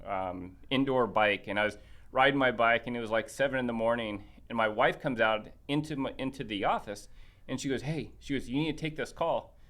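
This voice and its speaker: A man's voice: mid-range voice, brisk. Guy on a podcast telling a long story, medium voice, acts out what people said, lots of restarts. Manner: animated, acts out quoted dialogue; many restarts and fillers. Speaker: podcast guest. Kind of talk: casual storytelling chat.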